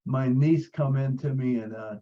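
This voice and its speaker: A man's voice: mid-range voice, moderate pace, warm tone, muffled recording. A man sharing a personal story on a video call, earnest, repeating phrases, with many fillers. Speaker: support group member.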